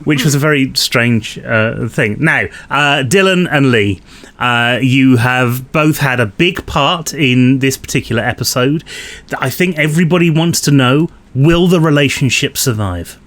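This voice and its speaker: A man's voice: medium pitch, unhurried, fairly bright tone. Chatty joking male host. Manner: jokey, rambling, chatty. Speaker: host of cast behind-the-scenes chat. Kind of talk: casual panel chat.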